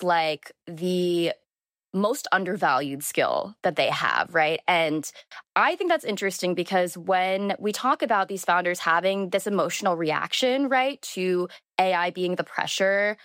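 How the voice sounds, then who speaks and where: A young woman journalist talks through an interview in a loose, chatty way, full of "um" and "like." Her voice sits a little low, and the recording is dry and close. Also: lively intonation, a little slow, a bit bright, no echo. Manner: chatty, lots of filler words and "like". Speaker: journalist guest. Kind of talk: conversational interview.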